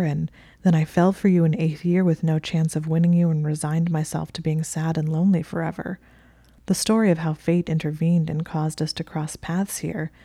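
A smug, teasing young wizard who likes to tease his wife , read by a woman. The voice sits low and mellow with a gravelly edge. It is recorded close and dry. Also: no echo. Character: teasing possessive young male wizard librarian.

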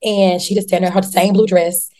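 A woman hosting a casual chat, recapping a TV show in a slangy, profane, animated way and acting out the characters. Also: medium pitch, brisk.

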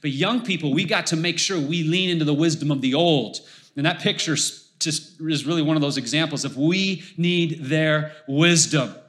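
A man's voice: a little high, normal speed, fairly bright tone. A middle-aged man preaching a sermon as pastor, conversational and emphatic, repeating phrases for emphasis.

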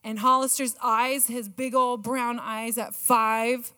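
A middle-aged woman giving a sermon with a personal story, excitable and self-mocking, laughing often. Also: a little high, slow pace. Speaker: church speaker. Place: church auditorium. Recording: long church hall reverb.

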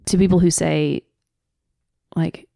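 Slow and gravelly, her low-pitched voice keeps fairly even intonation as this Southern-accented woman from the Southern United States co-hosts a laid-back podcast. She speaks earnestly and loosely, off the cuff, with soft laughs, and the studio mic yields clean sound without echo.

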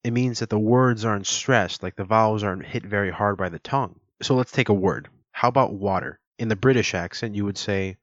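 A man's voice: on the low side, a little fast, hardly any pauses, dry recording. A man hosting a solo podcast, explaining things in a chatty, playful way. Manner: chatty, explanatory, playfully demonstrates words aloud. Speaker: podcast host. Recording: dull lo-fi recording.

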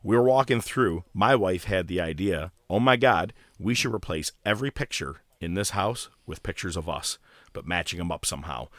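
A man's voice: deep voice, moderate pace, no echo, studio quality. A man co-hosting a wrestling podcast, telling stories animatedly in casual chat. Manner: animated storyteller, acts out voices. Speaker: podcast co-host.

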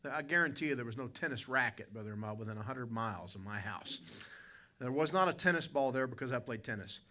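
Bright-voiced preacher telling a folksy story. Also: male voice, animated, fast. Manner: folksy, vivid storyteller who addresses listeners by name; swings between loud emphatic lines and quiet low asides. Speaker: pastor. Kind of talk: sermon with personal storytelling.

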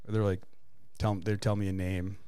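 A man's voice: low voice, level tone, fairly quick, mellow, clear, resonant tone, no echo. A man in casual podcast chat who tells rambling stories, laughs often and swears freely.

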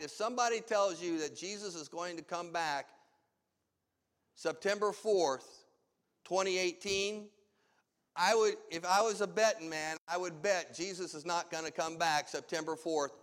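A man's voice: high voice, moderate pace, a bit bright. A man preaching a sermon as pastor, emphatic and full of rhetorical questions. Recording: long hall reverb.

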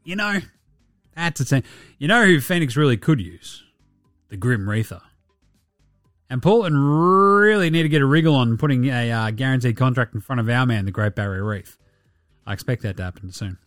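A man's voice: medium pitch, expressive, moderate pace, pauses often, dry recording, studio quality, faint music behind. An Australian man hosting a sports podcast, talking casually and sarcastically, swearing often and mocking the people he talks about. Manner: profane, sarcastic, mocking impressions. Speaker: podcast host.

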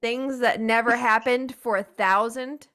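A woman's voice: on the high side, steady tone, measured pace, a bit bright. A woman guesting on a podcast, talking bluntly and sarcastically with plenty of swearing. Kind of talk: casual podcast chat.

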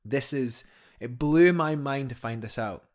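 A man's voice: mid-range voice, a little slow. A man, a guest telling a climbing story in a casual podcast chat, enthusiastic and rambling with many restarts.

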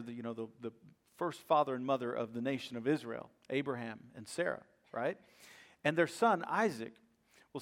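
A man preaching a sermon as a pastor, telling a story in a lively way and often checking in with "right?". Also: on the high side. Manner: acts out quoted voices with bursts of laughter.

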